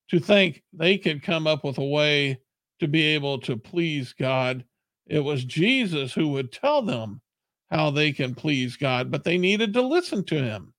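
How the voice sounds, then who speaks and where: A man's voice: fairly high pitch, a bit bright, dry recording. A man preaching a sermon in an earnest, plain-spoken way.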